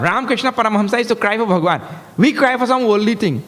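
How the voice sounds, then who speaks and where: A man giving a humorous, animated scripture discourse as a spiritual teacher, breaking into chanted verses. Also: high-pitched, very fast. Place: large hall. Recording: echoey hall.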